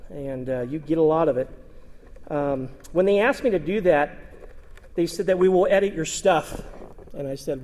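Folksy pastor in an echoey hall. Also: male voice, on the high side, darkish tone. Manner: folksy, storytelling. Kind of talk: casual remarks before preaching.

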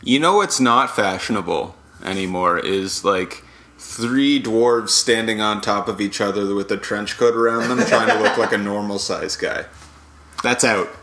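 A man co-hosting a comedy podcast, making absurd jokes with deadpan delivery. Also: lowish voice, measured pace, slight background noise. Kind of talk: improvised comedy banter.

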